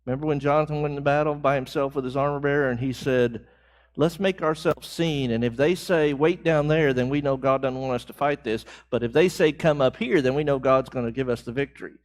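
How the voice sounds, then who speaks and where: Speaking fairly quickly in a mid-range voice, a man runs a church Bible class. His tone is conversational as he questions the group, answers back, and leans hard on key phrases.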